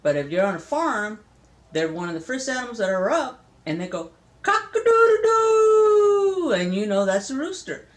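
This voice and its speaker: An older grandmother from Southern California talks casually to a grandchild, playful and chatty with easy laughter. Her pitch moves around a lot as she explains things. It sounds like an informal home lesson. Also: sing-song, brisk. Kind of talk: casual spoken lesson to a child.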